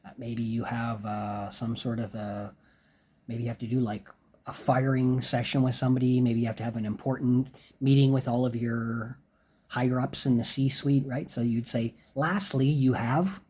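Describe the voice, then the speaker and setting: A man teaching casual business English in a relaxed spoken lesson, explaining each phrase and then saying it slowly as an example. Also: medium pitch, breathy edge.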